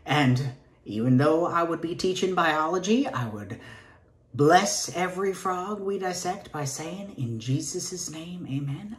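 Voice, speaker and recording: A man's voice: high voice, echoey room. An actor playing a nervous gay man interviewing for a teaching job, rambling and stammering in a Southern accent, sometimes dropping to a whisper. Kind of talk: comic stage monologue.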